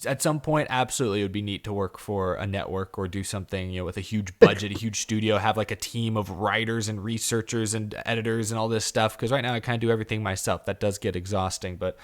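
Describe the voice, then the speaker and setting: A man's voice: lowish voice, fairly even intonation, fast, few pauses. A young man hosting a casual podcast chat, talking in an easygoing, self-deprecating way with plenty of fillers. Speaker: podcast host.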